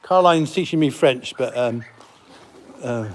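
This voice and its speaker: A middle-aged man hosting a casual live stream from a farm, chatting warmly about the animals with giggles and cooing baby-talk at them. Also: mid-range voice, measured pace, a little hiss or hum. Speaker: farm centre host. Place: outdoors on a farm.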